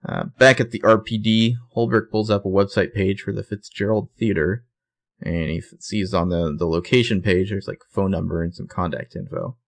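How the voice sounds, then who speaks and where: A man's voice: low-pitched, fairly even intonation, moderate pace, gravelly. A man co-hosting a podcast, casually retelling a TV episode scene by scene with fillers and self-corrections. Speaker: podcast co-host recapping a TV episode. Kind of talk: casual chat.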